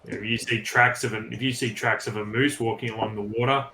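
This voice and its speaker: A man with a low but bright, forceful voice, speaking slowly and deliberately in character. His voice rings in a roomy echo over a call, with faint ambient sound behind it. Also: steady tone, vocal fry, a little hiss or hum. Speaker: player. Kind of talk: in-character tabletop role-play. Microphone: online voice call.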